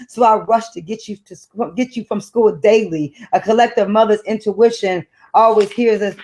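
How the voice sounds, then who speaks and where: A woman's voice: mid-range voice, a little mellow. A middle-aged woman from Detroit reads poetry with a rhythmic, emphatic spoken-word delivery. Between poems she talks easily as a guest of an online book club. She is heard through a video call. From Detroit, United States. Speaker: poet, guest author.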